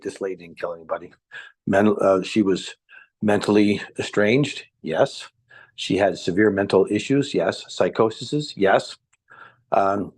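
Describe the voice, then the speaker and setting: A man's voice: on the low side, darkish tone, slightly rough. An older man, a former police officer from Nevada, telling a long story in a rambling, hesitant way with many fillers. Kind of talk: casual storytelling on a live stream.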